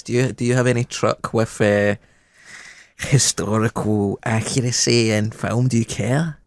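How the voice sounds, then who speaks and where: A man chatting on a comedy podcast, wry and questioning, with a lively manner. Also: fairly low pitch, moderate pace, vocal fry, no echo. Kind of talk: casual comedy podcast chat.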